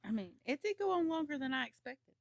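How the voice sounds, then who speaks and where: A woman's voice: sits high, very animated, quick pace, no room sound, clean studio sound. A woman chatting on a casual podcast, laughing along and adding short reactions.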